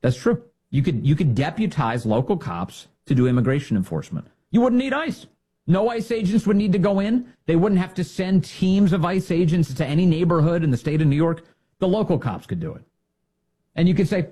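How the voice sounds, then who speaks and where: Male talk host, mocking monologue, lively pitch, dark slightly husky tone. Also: normal speed. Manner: sarcastic, mocking, animated. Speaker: political talk show host. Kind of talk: opinionated monologue.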